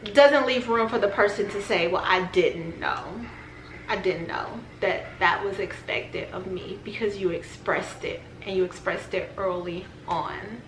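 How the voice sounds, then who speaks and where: A woman's voice: medium pitch, pushed and bright, a little hiss or hum. A woman vlogger giving casual advice straight to the camera, talking conversationally and repeating phrases for emphasis. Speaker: parenting vlogger. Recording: roomy echo.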